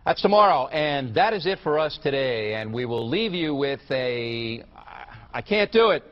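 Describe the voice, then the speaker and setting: A male news host in a studio outtake, flustered and irritable, breaking into angry yelling. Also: medium pitch, very animated, normal speed, muffled recording.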